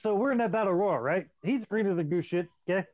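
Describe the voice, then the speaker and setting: High tinny-voiced profane male storyteller. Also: animated, fast talker. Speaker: podcast co-host, former wrestler. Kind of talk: casual storytelling chat. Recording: dry, tinny phone-like sound.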